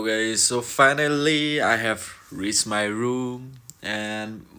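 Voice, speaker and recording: A young man talks slowly into a close camera from his room, his voice sitting a little low. He is earnest and reflective, circling back over the same phrases as he looks for the right words. The tone is casual, like a vlogger talking straight to his viewers. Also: pushed and bright. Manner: earnest, repeats phrases, loose and searching wording. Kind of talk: casual reflective vlog talk.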